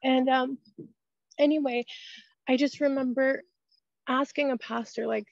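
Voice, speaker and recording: A woman's voice: high-pitched, level tone, unhurried, gravelly, long pauses, no room sound, muffled recording. A woman giving a fervent, emotional testimony and prayer over a video call. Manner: fervent, emotional, praying aloud. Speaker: prayer group participant.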